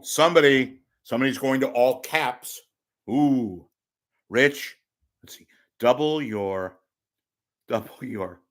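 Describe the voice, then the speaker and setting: A man with a mid-range voice hosts a call-in show, delivering a casual, rambling monologue that is blunt, profane and packed with wisecracks.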